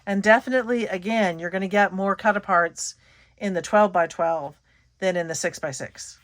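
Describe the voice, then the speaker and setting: A woman's voice: mid-range voice, normal speed. Chatty woman gushing over paper. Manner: chatty, gushing, trails off mid-sentence. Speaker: scrapbooking channel host. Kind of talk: casual show-and-tell chat.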